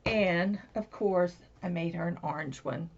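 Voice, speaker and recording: A woman's voice: on the low side, a little slow, slight background noise. A woman, possibly older, chatting casually on her crafting vlog, rambling with lots of fillers and restarts. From Florida. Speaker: crafting vlogger. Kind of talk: casual chat. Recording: dull lo-fi home recording.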